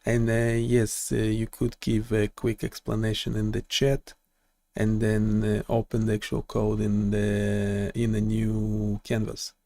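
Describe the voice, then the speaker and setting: A man's voice: lowish voice, completely flat delivery, measured pace, mellow, dry recording. A man hosting a live coding stream, thinking aloud and giving instructions to an AI assistant.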